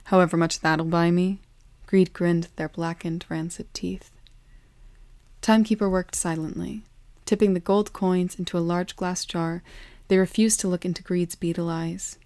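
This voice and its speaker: Calm woman storyteller, low even delivery, dry close sound. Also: no echo. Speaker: narrator. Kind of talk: storybook narration.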